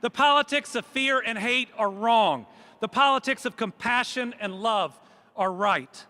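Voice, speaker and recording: A middle-aged governor with a Kentucky accent delivers an earnest, emphatic rally speech in a very high, pushed, bright voice, speaking unhurriedly with a preacherly cadence. He addresses a crowd in a large rotunda, and the recording echoes.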